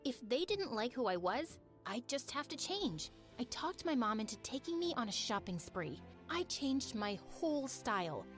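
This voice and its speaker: A woman narrating her own story in an expressive, confessional scripted storytime style, with music behind. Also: fairly high pitch, moderate pace, hardly any pauses. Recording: narration over background music.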